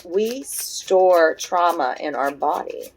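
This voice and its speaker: A woman in her forties giving a casual tarot reading, thinking aloud in a soft, musing way with frequent fillers. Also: on the low side, expressive, slow, slight background noise, poor audio. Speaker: tarot reader.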